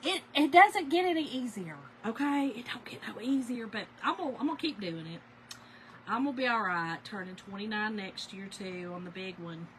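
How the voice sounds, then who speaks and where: A woman's voice: on the high side, lively intonation, normal speed, fairly bright tone, slight background noise, rough recording. A chatty woman, telling stories to viewers and reading their names aloud during a casual crafting livestream.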